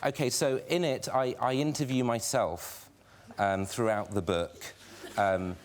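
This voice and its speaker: A British man talking as an author guest on a TV chat show, hesitant and self-deprecating, reading in a deadpan way. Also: medium pitch, measured pace, a little hiss or hum. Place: TV studio with audience.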